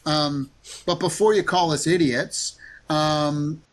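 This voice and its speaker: A man answers interview questions at length, rambling and a little defensive, full of ums and restarts. His voice is slightly higher than most men's. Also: fairly even intonation, slow pace. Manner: rambling, defensive, many fillers. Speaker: interview guest.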